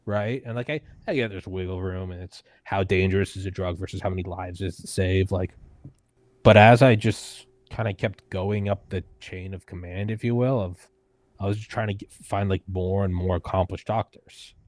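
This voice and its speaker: A man in his thirties with a somewhat low voice, telling a story in an animated, profane way and often stopping to restart his sentences. He sounds close and dry, with no room echo. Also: moderate pace. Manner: animated, profane, acts out quoted people; frequent "like" fillers and restarts. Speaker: podcast host and guest. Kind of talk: casual conversational storytelling.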